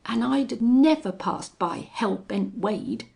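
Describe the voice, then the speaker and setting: A spoiled young rancher's son from a western audiobook, harsh and full of contempt, as a woman narrator puts him on. He talks slowly in a gravelly, sneering tone. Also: mid-range voice. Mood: contemptuous. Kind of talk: audiobook reading.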